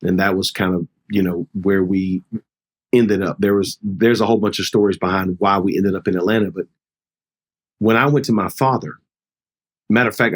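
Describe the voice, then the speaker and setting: Middle-aged male pastor, low-pitched, heartfelt storyteller on an interview show. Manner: earnest, heartfelt, re-enacts dialogue. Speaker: pastor, guest. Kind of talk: conversational storytelling.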